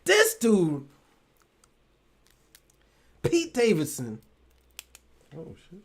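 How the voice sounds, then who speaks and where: A man's voice: high-pitched, wildly swooping pitch, drawn-out words, fairly bright tone. A man hosting a relationship talk show, chatting loosely with his live audience. He swears freely, laughs often and trails off mid-thought. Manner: addresses the audience directly. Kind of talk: casual live-stream chat with viewers.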